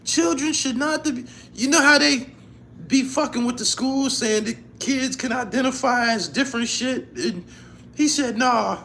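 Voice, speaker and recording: This livestream host has an extremely high, pushed, bright voice and speaks at a moderate pace over slight background noise. He keeps the chat casual and profane, laughing frequently between stories.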